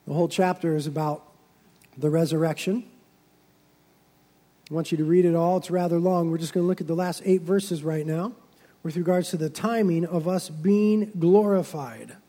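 A man with a high-pitched voice preaches a sermon. He swells into loud, emphatic passages and then drops low and quiet. A long hall reverb trails after every phrase. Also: fairly even intonation, normal speed. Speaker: pastor.

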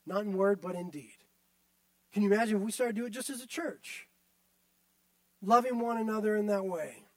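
A man's voice: high-pitched, fairly quick, pauses often, no echo. A male pastor delivering a sermon, emphatic and repetitive, often turning to the listeners directly.

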